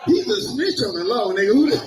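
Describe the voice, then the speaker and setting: A man cracking loud profane roasts, laughing and shouting as he jokes. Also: sits high, very animated, fast, reverberant, over music, rough recording. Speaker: comedian. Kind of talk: loud joking banter.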